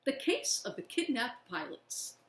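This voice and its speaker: A woman voicing a caring aunt who soothes frightened boys, in a bright, coaxing, kindly way. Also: a little high, wildly swooping pitch, unhurried, pitched above the performer's own voice. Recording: echoey room.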